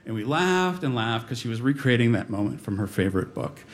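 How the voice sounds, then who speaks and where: A man's voice: medium pitch, big pitch swings, a little fast. A middle-aged man telling a personal story on stage before a live audience, wry and self-deprecating with comic timing.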